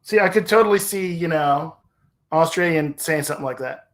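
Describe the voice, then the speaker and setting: A man hosting a livestream in casual chat, rambling and hesitant, with many pauses and self-corrections. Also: fairly high pitch. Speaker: livestream host.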